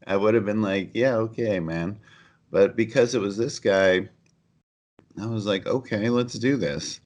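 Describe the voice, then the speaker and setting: Man, deep low voice, middle-aged, podcast guest, candid, earnest storytelling. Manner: earnest and candid, with frequent fillers and restarts. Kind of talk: conversational storytelling.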